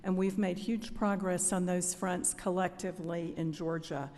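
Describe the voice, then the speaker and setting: A middle-aged woman giving formal budget testimony to lawmakers as a cancer network representative, measured and polite, with frequent "um" pauses. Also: lowish voice, fairly even intonation, darkish tone. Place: legislative hearing room. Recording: hearing room with long reverb.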